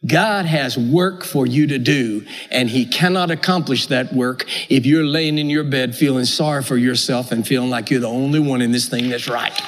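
A man's voice: medium pitch, normal speed, few pauses. A man preaching a sermon with an emphatic, repetitive cadence. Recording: echoey hall.

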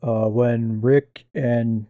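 Guy w a really mellow dark voice tossing in short guesses, dry close sound. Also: medium pitch, steady tone, very slow, no room sound, highs cut off. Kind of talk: casual chat.

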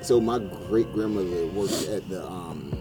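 Podcast host, man, low voice, laid-back and reflective, music clearly underneath. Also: measured pace. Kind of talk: casual chat.

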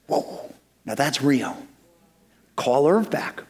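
A man with a somewhat raised pitch delivers a sermon in a church. He tells a story in an animated way and slips into the voices of the people in it for comic effect. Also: a little slow. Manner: animated, acts out dialogue with humor. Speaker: pastor.

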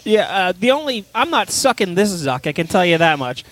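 A man's voice: high voice, big pitch swings, brisk, dry recording. A man co-hosting a comedy podcast, telling a crude rambling story with lots of swearing and exasperation. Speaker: podcast co-host. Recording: loud free jazz music behind.

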